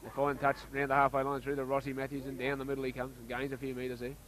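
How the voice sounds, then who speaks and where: An Australian man giving casual, chatty commentary on a local rugby league match, getting excited when play heats up. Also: mid-range voice, fast talker, slight background noise, rough recording.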